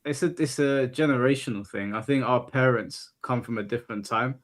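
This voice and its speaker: A British man in a relaxed chat tells stories as a guest, stopping and restarting as he talks. His voice sits at a middle pitch and feels easy and unforced. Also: a little fast. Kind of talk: casual chat.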